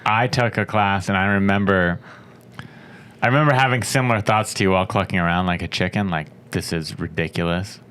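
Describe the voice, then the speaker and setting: A man hosts a casual podcast chat, joking and teasing his guest in an easy manner. His voice sits very low. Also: a little fast, a bit bright, clear, resonant tone. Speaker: podcast host.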